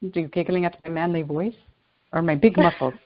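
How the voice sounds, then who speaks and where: A woman's voice: on the low side, fairly even intonation, fairly quick, highs cut off, voice pushed down, natural voice. A woman channeling a playful, teasing male ascended-master spirit who jokes with the listeners. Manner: teasing, bantering, chuckling.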